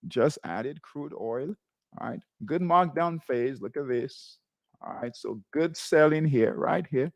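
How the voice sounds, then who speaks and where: A man runs a live trading show, walking viewers through charts and pointing at them while repeatedly tagging "right?" and "okay?" His voice is fairly high with a darkish tone, captured at studio quality without echo.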